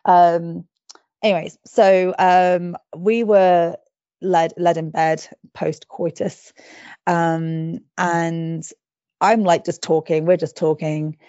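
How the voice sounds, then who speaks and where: A woman's voice: fairly low pitch, flat delivery, slow, warm tone, no echo. A woman co-hosting a podcast, chatting casually and self-deprecatingly, laughing often. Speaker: podcast co-host. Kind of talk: casual chat. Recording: dull dry podcast recording.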